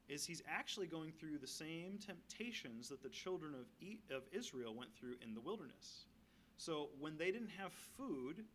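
A man's voice: a little high, fairly bright tone, a little hiss or hum. A man giving a guest sermon, reading scripture aloud and adding casual, humorous asides. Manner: conversational, asides and light humor between readings. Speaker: guest preacher.

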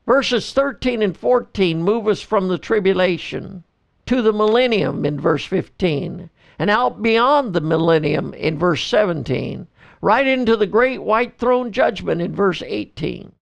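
A man, a pastor and podcast host, teaching through a Bible book verse by verse, reading scripture in slow measured phrases. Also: high voice, lively intonation, creaky.

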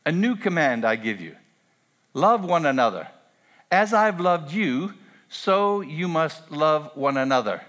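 Earnest preaching man, higher voice. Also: big pitch swings, unhurried, a bit bright. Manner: earnest, rising to emphatic preaching with repeated phrases. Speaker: pastor. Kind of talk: sermon.

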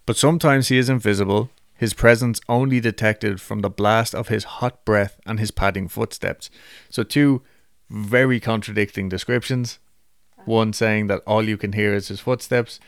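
A man's voice: lowish voice, gravelly, clear, resonant tone, no room sound, clean studio sound. A man hosting a podcast in casual chat, who swears freely and laughs at himself. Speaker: podcast host.

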